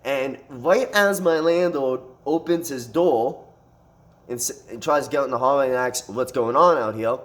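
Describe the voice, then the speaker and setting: Man, casual storytime, profane, rambling, animated retelling. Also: medium pitch, moderate pace. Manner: rambling with restarts and fillers.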